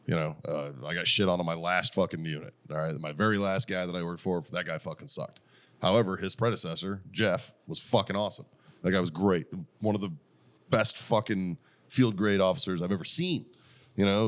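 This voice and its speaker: A man's voice: low-pitched, steady tone, fairly quick. A middle-aged American man telling profane stories in casual podcast chat, laughing often as he goes. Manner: profane, storytelling, laughs a lot. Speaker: podcast host.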